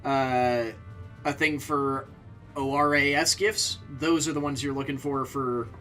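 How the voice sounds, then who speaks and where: A man's voice: mid-range voice, steady tone, measured pace, bright, forceful tone, soft background music. A man giving casual, offhand let's-play commentary, rambling and full of fillers. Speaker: streamer.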